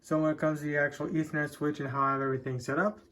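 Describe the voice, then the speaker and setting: A man's voice: a little high, level tone, racing, a bit bright. A man casually narrating a home tech vlog, rambling with many fillers and trailing asides. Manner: rambling, says "and whatnot" a lot, trails off with uh. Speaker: tech vlogger. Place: home garage computer setup.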